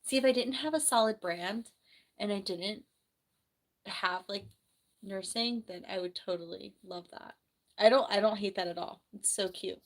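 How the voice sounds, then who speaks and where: Young woman from New Jersey, nurse and stream host, rambling and chatty, slightly hoarse with the flu. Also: medium pitch, moderate pace. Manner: rambling, chatty, reads viewer comments aloud. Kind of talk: casual livestream chat. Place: bedroom at home.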